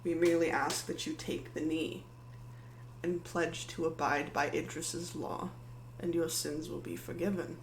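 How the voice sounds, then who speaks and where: A game master voicing a towering, cold armored male paladin who speaks quietly with measured menace. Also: medium pitch, flat delivery, roomy sound, a little hiss or hum, natural voice, low-quality recording. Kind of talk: tabletop role-play voice.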